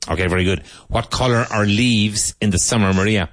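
Deep voiced teacher guy drilling vocab, very dry close sound, quick and encouraging. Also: no room sound. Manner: brisk, encouraging drill patter. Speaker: English teacher.

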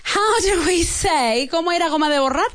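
A woman hosting a children's radio show from a school classroom. She drills English vocabulary with young pupils, praises them often, repeats words slowly and clearly, and switches between English and Spanish. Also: very high-pitched, lively intonation, fairly bright tone.

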